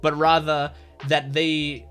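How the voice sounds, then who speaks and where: A man's voice: fairly high pitch, flat delivery, slow pace, fairly bright tone, faint music behind. A man hosting a reaction video, giving earnest, rambling, reflective commentary in a casual way.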